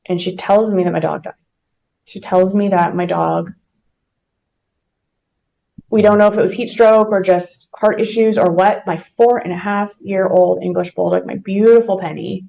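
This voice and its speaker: A woman telling a personal story in an interview. She talks earnestly, with emotion and vivid detail. Her voice sits in a middle pitch. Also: normal speed, creaky, mellow, rough recording. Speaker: mortgage company president, podcast guest.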